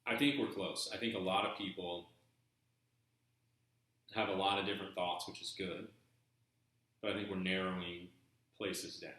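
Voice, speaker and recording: A man's voice: low voice, pushed and bright. A man hosting a treasure hunt video, musing in a chatty, folksy way with a put-on Southern American accent. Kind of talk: casual vlog commentary reading from a book. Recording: very echoey room.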